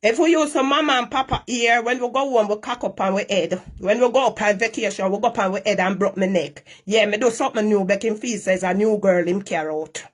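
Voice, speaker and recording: A woman's voice: medium pitch, brisk, hardly any pauses. A middle-aged Jamaican woman scolding at length on a live stream, repeating herself in heavy Patois.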